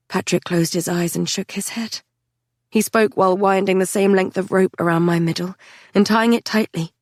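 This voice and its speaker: A woman reading a dark fantasy novel aloud in the first person, intense and measured. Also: medium pitch, steady tone, no echo, clean studio sound. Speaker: audiobook narrator. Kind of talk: dramatic first-person audiobook narration.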